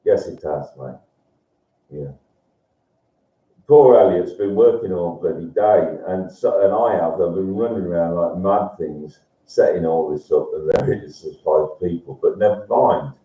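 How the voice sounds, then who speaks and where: A man hosting a live stream, rambling as he reads viewers' messages and breaking into loud, sweary rants. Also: deep voice, a little slow. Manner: swings into loud swearing rants, laughs a lot. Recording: roomy, distant, dull lo-fi sound.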